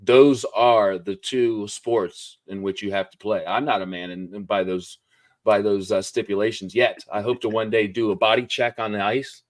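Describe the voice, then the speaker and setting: A male host with a somewhat low voice, chatting casually on a live stream. He rambles in an upbeat way and leans on fillers as he thinks aloud. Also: fairly even intonation, normal speed.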